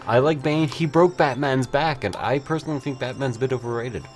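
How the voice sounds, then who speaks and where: A young man co-hosting a video game let's play in casual, joking chat, swearing freely and dropping into a slow low drawl for laughs. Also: faint music behind. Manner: joking, swearing, swoops between low drawl and excited highs.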